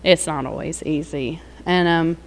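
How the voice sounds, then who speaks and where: A woman's voice: low-pitched, measured pace, slight background noise. A woman, telling her personal recovery story in a candid, rambling way, with lots of fillers and laughs. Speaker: recovery speaker. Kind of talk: personal testimony.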